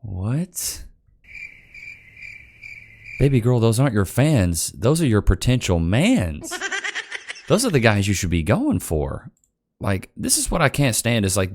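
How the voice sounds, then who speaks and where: A man with a low voice that swings widely up and down as he mocks the clips he reacts to. He talks to his viewers like buddies, calling them "chat" and "bro." His delivery is sarcastic and animated. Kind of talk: mocking reaction commentary.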